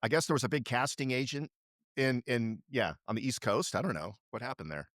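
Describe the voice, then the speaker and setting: A man's voice: medium pitch, brisk, dry recording, clean studio sound. A middle-aged man co-hosting a podcast, chatting casually and animatedly, swearing now and then. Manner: animated, swears casually, slips into kid-commercial impressions. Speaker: podcast co-host. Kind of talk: casual chat.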